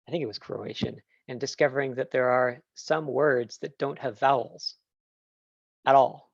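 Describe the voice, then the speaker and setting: A man's voice: medium pitch, gravelly, no echo, lo-fi sound. A man answering questions in a talk, enthusiastic and rambling with fillers, heard over a video call. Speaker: guest speaker. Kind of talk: casual Q&A answer.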